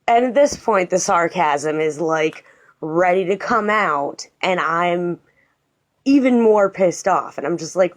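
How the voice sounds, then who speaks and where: A woman's voice: fairly low pitch, takes it slowly. A woman telling a personal story in a casual, sarcastic and emphatic manner.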